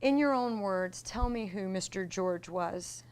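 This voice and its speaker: Woman host with a smooth clear voice, polite and gracious. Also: mid-range voice, unhurried. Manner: polite, gracious interviewer with warm praise. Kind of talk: interview.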